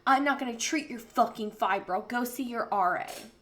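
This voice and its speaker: A woman's voice: on the high side, moderate pace, a bit bright, natural voice. A woman mocking a breezy, dismissive lady doctor. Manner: breezy, condescending. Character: dismissive female doctor, brushing off a patient.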